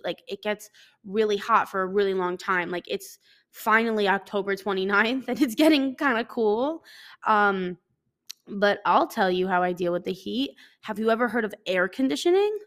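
A young adult woman who lives in a hot city hosts a casual solo podcast, speaking at a medium pitch with a fairly bright tone. She rambles, pokes fun at herself and swears offhandedly.

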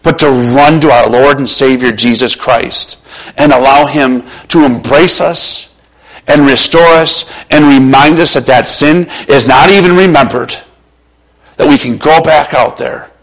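A male pastor preaching a sermon with passion, moving between loud urging and hushed, quiet passages, his voice a little strained. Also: mid-range voice, unhurried, rough recording.

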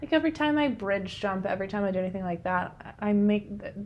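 A young adult woman hosting a casual chat with her mother, telling stories in a quick, lively way and laughing often. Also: medium pitch, muffled recording.

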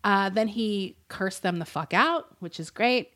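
A woman's voice: mid-range voice, unhurried, a bit bright. Chatty, giggly woman podcast host. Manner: chatty and giggly, swears, uses lots of fillers. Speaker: podcast co-host telling a true crime story. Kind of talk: casual chat.

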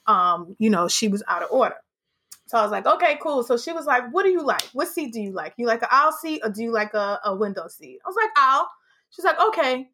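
Podcast host, woman, bright tone, animated storyteller, salty language. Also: fairly high pitch, quick pace, husky. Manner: animated, swearing, acts out quotes. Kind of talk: casual storytelling chat.

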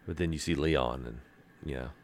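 A man with a very low voice co-hosts a laid-back gaming podcast. He tells stories with a lot of energy and slips into playful voices when he quotes other people. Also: normal speed. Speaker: podcast co-host. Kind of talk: casual gaming chat.

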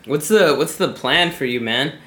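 Rambling podcast host in an echoey room. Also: male voice, on the high side, lively intonation, normal speed, pushed and bright. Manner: loose, rambling, profane, drops into slangy quotes. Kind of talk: casual interview chat. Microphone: podcast microphone.

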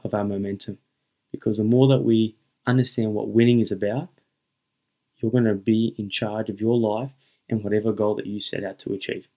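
A young man with a voice on the low side hosts a motivational podcast, and the audio is dull. He talks earnestly and emphatically, repeats his key points and addresses his listeners as "guys."

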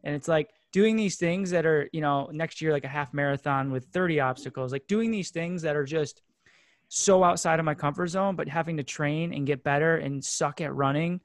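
A man's voice: fairly high pitch, moderate pace, no room sound. A man who is into strength training and obstacle races, talking casually and earnestly in a rambling way. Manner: earnest, rambling, many "like" fillers. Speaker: fitness coach and podcast co-host. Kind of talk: casual podcast chat.

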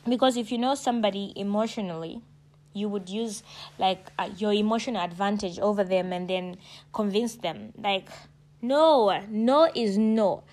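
Woman vlogger, mid-range voice, preachy and emphatic, direct address to camera. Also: moderate pace. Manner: emphatic and preachy, addresses listeners as sweetheart and darling; animated, jumps high in pitch when stressing points. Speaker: vlogger giving advice. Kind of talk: casual direct-to-camera talk.

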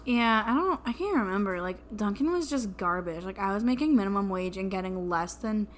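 A woman's voice: medium pitch, animated, fairly quick. A young woman co-hosting a podcast in a casual chat, wry and profane as she jokes about old jobs. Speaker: podcast co-host. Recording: faint background noise.

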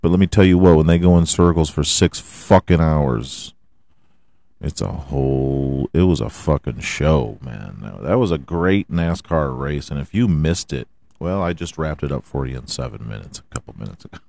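A man's voice: a bass voice, lively intonation, normal speed, vocal fry, dark tone, no room sound. A man hosting a casual solo podcast, rambling and joking with plenty of swearing. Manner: rambling, profane, jokey. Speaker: podcast host.

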